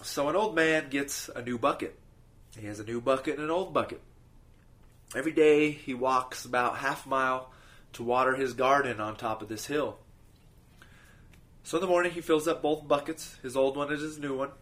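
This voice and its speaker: A man telling short parables in a relaxed, casual podcast manner, often restarting his sentences. His voice sits at an ordinary middle pitch. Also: moderate pace. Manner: easygoing, with restarts. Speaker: podcast host. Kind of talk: casual storytelling.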